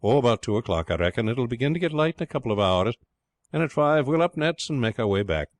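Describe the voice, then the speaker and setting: A man's voice: medium pitch, expressive, quick pace, no room sound, voice pushed up, natural voice. A man voicing a cheerful, hardworking fisherman who talks in rustic dialect grammar in a storybook reading. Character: hardworking old fisherman, cheerful, rough-spoken.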